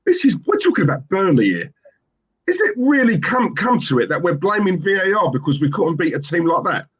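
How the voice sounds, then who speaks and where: A man hosts a football fan stream and argues his point hard. His voice sits high and swings widely. It has a slightly husky edge. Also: very animated, brisk, muffled recording. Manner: emphatic, keeps asking "right?". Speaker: fan show host. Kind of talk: casual football fan chat.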